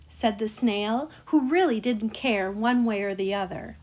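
In a mid-range voice, a woman gently reads a children's picture book aloud, keeping a measured storytelling pace.

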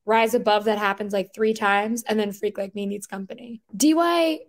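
A woman chatting casually on a podcast, rambling and animated, with lots of filler words and incredulous outbursts. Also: medium pitch, moderate pace.

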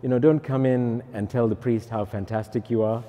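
A man's voice: mid-range voice, brisk, in a large hall, lo-fi sound, slight background noise. A male Catholic priest giving a humorous, teasing talk to pilgrims. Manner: joking, lively, teasing.

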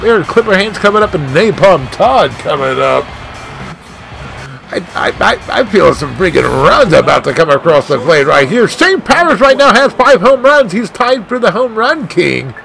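A man giving live play-by-play of his own video game as a channel host, swinging between shouts and dejected muttering. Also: high-pitched, big pitch swings, normal speed, creaky, soft background music. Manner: mild swearing, "freaking" and "dang it" catchphrases.

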